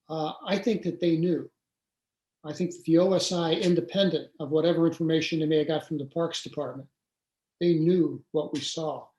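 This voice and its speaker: A man's voice: a little high, darkish tone, reverberant, poor audio. An older man, a guest in an interview, telling his story in a casual, conversational way with many fillers and restarts.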